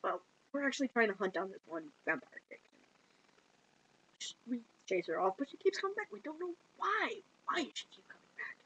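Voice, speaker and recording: A woman retelling a film plot in casual chat, giggling and slipping into quick put-on voices for the characters. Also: a little high, big pitch swings, bright, forceful tone, slightly rough, rough recording. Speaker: movie reviewer.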